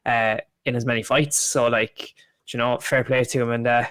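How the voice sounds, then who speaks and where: A man's voice: mid-range voice, level tone, normal speed, a bit bright, no room sound. Rambling man talking fights. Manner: rambling, restarts often, casual swearing. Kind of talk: casual chat.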